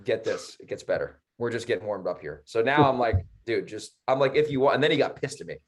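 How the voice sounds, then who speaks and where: A man's voice: medium pitch, expressive, quick pace. A man co-hosting a podcast, telling a story in a heated, profane way and acting out both sides. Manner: heated, profane, mimicking others. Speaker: podcast co-host. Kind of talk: casual storytelling.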